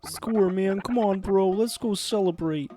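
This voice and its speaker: A man's voice: high-pitched, measured pace, warm tone, soft background music, pitched above the performer's own voice. A man voicing a boastful, dim-witted young male crook in a brash, bro-ish way.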